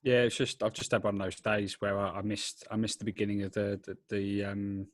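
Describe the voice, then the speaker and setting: A low-voiced man co-hosting a podcast, easygoing but halting, stumbling over his words. The sound is close and dry. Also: level tone, no echo. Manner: hesitant, halting, lots of restarts. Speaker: podcast co-host. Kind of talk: casual podcast chat.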